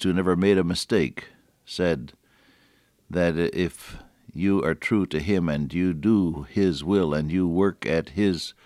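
A man preaching a sermon in an earnest way, slowing down and stressing key words. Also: low-pitched, no echo, clean studio sound.

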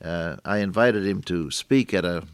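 An older man giving a folksy, earnest radio sermon, reading scripture slowly and solemnly. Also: sits low, smooth, no echo. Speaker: radio preacher.

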